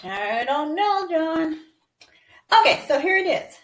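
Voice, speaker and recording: A woman narrating a playful toy story with excited cheers and sound effects. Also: very high-pitched, takes it slowly, echoey room.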